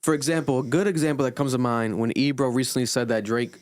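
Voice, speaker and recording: A man's voice: fairly even intonation, fast talker, dry recording. Man musing aloud on a podcast. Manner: thinks aloud with restarts, pitch rises when making a point. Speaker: podcast co-host. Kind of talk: casual podcast debate.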